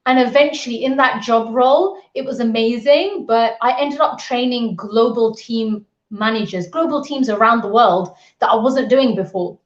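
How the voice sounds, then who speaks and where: Animated high-voiced woman on a roomy call. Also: normal speed, hardly any pauses. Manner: candid, energetic, storytelling with acted quotes. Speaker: guest speaker, business mentor. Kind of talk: virtual event talk. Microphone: video call. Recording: roomy, slightly dull audio.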